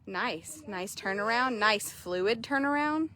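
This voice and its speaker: A young woman horse trader chatting casually outdoors at an arena, quick and loose, swearing now and then. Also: mid-range voice, animated, sharp tone, a little hiss or hum. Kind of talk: casual narration while riding.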